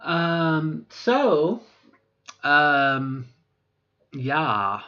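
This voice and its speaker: A woman's voice: sits low, big pitch swings, extremely slow, fairly bright tone. A middle-aged trans woman speaking in her unaltered voice for a voice training vlog, meandering and hesitant, correcting herself often. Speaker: vlogger. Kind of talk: voice training vlog, rambling self-talk. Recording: dull lo-fi recording.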